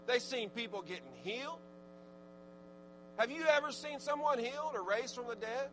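A man preaching a sermon, swinging from fervent exhortation to low, conversational asides. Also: lively intonation, normal speed, slight background noise, low-quality recording. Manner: rising to fervent shouted exhortation, then dropping low and conversational.

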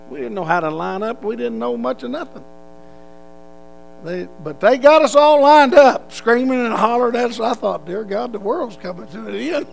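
A man's voice: high voice, vocal fry. An older man telling a rambling story in plain, colloquial speech. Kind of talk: casual spoken recollection.

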